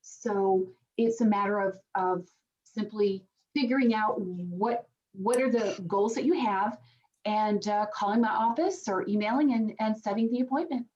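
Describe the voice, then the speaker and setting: A woman's voice: mid-range voice, measured pace, a little mellow. A woman guest on a podcast, a psychic medium, explaining her work earnestly with frequent restarts. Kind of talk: podcast interview answers. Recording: dull lo-fi sound.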